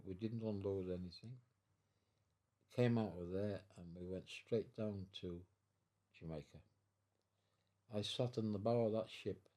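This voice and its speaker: Man in his nineties, low-pitched, mellow, warm tone, rambling storyteller. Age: 90s. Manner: rambling, repeats and restarts, chuckles while telling. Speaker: veteran interviewee. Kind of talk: storytelling interview. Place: his own home.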